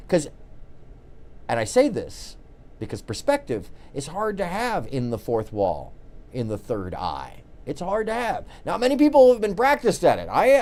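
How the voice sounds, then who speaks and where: Male call-in host, loose and jokey, very lively pitch. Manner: rambling, jokey, restarts often. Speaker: show host. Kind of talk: casual call-in show commentary.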